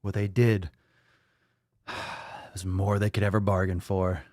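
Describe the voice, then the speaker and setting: In a low, darkish voice with flat delivery and a slow pace, a man hosts a fitness podcast from a small room at home. He reads out viewer comments, chatting crudely, profanely, and with laughs and jokes. The recording is dry and studio quality.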